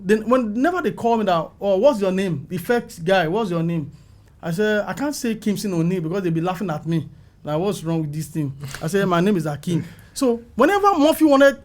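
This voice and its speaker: A middle-aged man with a Nigerian accent, a film makeup artist telling his story as an interview guest and acting out the voices of people calling him. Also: normal speed. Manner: animated, acts out calls and quotes with rising pitch.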